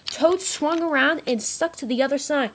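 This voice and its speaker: A woman's voice: high-pitched, moderate pace, slight background noise. A woman narrating a homemade toy-train story in a casual way, with small slips and restarts.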